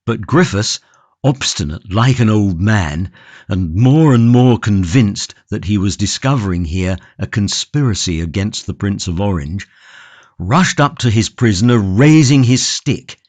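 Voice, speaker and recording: A man narrating a classic novel audiobook in a measured, steady reading from a close studio mic. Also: fairly low pitch, dry recording. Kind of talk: scripted narration.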